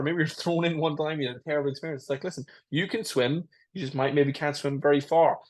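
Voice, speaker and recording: A man talks fast and earnestly as a podcast co-host. He explains his points with many "it's like, listen" asides. His pitch is in the middle range. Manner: rapid, earnest, often says "it's like, listen". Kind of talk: casual chat.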